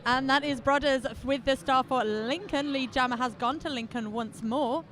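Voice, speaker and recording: High-voiced woman calling roller derby. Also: moderate pace, fairly bright tone, slight background noise. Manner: chatty, giggly, playful banter. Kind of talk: live sports commentary.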